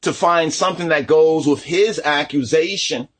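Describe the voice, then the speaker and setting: A man's voice: fairly high pitch, moderate pace. A man giving a heated commentary vlog on religion, combative and repetitive, with frequent tag questions.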